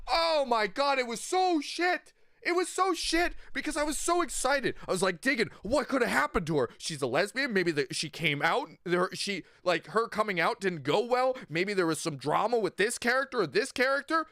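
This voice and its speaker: A man's voice: high-pitched, animated, normal speed, bright, forceful tone, no echo, clean studio sound. A man streaming, ranting animatedly and profanely about a video game. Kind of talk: ranting livestream commentary.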